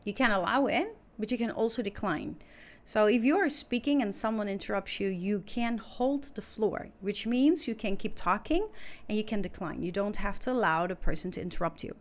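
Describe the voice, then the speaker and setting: Female teacher, mid pitch, patient and clear, explains step by step. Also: animated, normal speed. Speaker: English teacher. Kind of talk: recorded online lesson.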